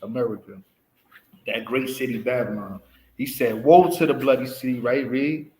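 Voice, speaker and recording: A man's voice: mid-range voice, normal speed, a little mellow, low-quality recording. Casting: man teaching a Bible study, emphatic, keeps asking "right?". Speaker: teacher leading scripture study.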